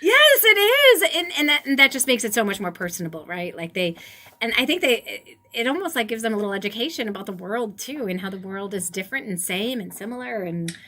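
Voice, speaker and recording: A woman hosting a casual interview over a video call, enthusiastic and animated, with lots of fillers. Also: mid-range voice, fast talker. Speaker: host, tutoring business coach.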